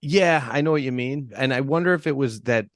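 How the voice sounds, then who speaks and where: A man co-hosts a casual podcast, his voice sitting at an ordinary middle pitch. He rambles through horror movie talk with lots of restarts and fillers. The sound is dry and close, with no room around him. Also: a little fast, no room sound. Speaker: podcast co-host.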